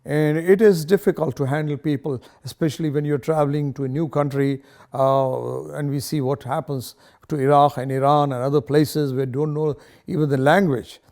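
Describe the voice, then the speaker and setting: A man interviewed for a documentary, speaking in a halting, reflective way. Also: a little high, steady tone, a little mellow.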